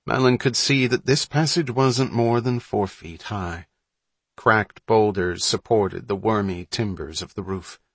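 A man narrating a story in a measured, suspenseful reading. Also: fairly low pitch, husky, dry recording. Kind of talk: audiobook narration.

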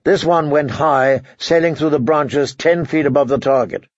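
A man narrating an audiobook in a measured storytelling manner. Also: fairly high pitch, no room sound, highs cut off. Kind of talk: scripted narration.

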